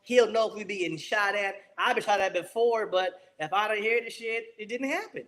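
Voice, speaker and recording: An American man, a former Marine, telling a war story in a lively, profane way and acting out the people he quotes. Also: high voice, a little fast. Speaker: guest, former Marine rifleman.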